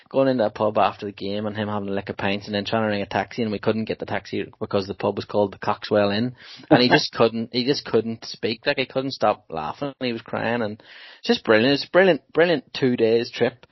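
Lively storytelling man, dull dry sound. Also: fairly low pitch, fairly quick, few pauses, no room sound. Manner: animated storyteller, laughs often. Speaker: podcast co-host. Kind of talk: casual chat. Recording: dull dry podcast mic.

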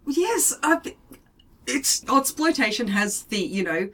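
A woman, co-hosting a casual film podcast, tossing in quick, jokey remarks. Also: fairly high pitch, animated, a bit bright, distant mic. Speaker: podcast co-host.

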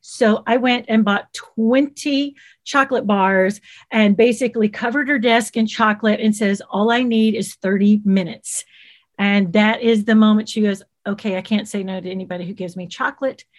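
A woman's voice: medium pitch, moderate pace. A middle-aged woman with a Southern US accent, telling stories in a casual interview and acting out the people she quotes. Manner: lively, animated, acts out quoted voices. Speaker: guest, children's TV creator.

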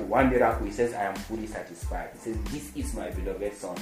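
A man preaching a sermon. He talks emphatically, repeats his points and swings between loud declarations and quiet lines. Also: lowish voice, fast. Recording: echoey room with music behind.

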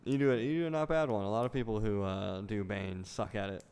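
A man's voice: lowish voice, steady tone, fast, a little mellow, clear, resonant tone. A man co-hosting a casual comedy podcast, joking crudely and laughing often, recorded on a phone. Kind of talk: casual chat.

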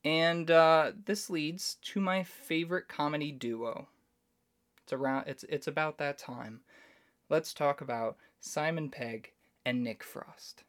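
A man's voice: fairly high pitch, slow, a bit bright. Chatty man hosting a solo podcast. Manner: chatty, opinionated, explains at length. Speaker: podcast host. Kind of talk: casual solo commentary.

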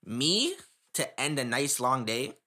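A man's voice: medium pitch, very animated, takes it slowly, pushed and bright. A young man from Canada, telling a story in casual chat, rambling with slang and frequent laughter.

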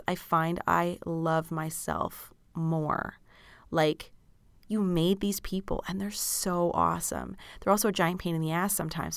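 A woman's voice: on the low side, vocal fry, a bit bright, clean tone, dry recording. Tired, frank woman swearing casually. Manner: frank and chatty, swears freely, laughs often. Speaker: podcast host answering listener questions. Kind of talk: candid casual chat. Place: small padded studio room.

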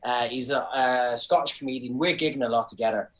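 A middle-aged Irish comedian in casual podcast chat, telling stories animatedly with swearing and indignant asides. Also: male voice, medium pitch, fairly quick. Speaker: comedian guest.

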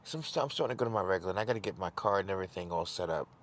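Talking very fast in a low, expressive voice, a young man rambles through a self-deprecating story to the camera in a casual storytelling vlog. He trips over and repeats words, sounding emotional with his voice dropping.

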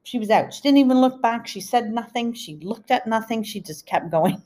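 A middle-aged woman hosting a podcast, telling a family story in an animated, chatty way full of asides. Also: fairly high pitch, moderate pace. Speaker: podcast host. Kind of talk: storytelling monologue.

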